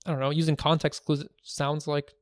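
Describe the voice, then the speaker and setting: Male podcast co-host, lighter pitch, dry close sound, playful and chatty. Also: flat delivery, no room sound. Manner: chatty, joking, quick to laugh. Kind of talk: casual podcast chat.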